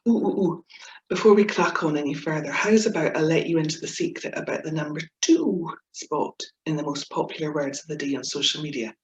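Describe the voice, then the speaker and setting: Scottish woman presenting a talk; chatty, giggly, playful asides; low-ish voice; echoey, dull video-call sound. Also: a little fast, slight background noise. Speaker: webinar speaker on Scots humour.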